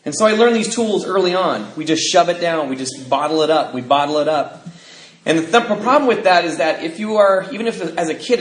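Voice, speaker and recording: A middle-aged man speaking at a recovery convention, telling his own story in an animated way and acting out family members. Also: a little high. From United States. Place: convention hall. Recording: echoey convention hall.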